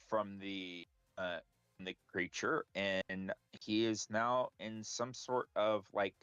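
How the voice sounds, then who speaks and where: A man speaks slowly as his character, stopping for many fillers. His low voice is smooth, on dry, slightly dull audio with faint music. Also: a bit bright, no echo. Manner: slow, hesitant, many fillers. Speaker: player. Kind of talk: in-character tabletop play.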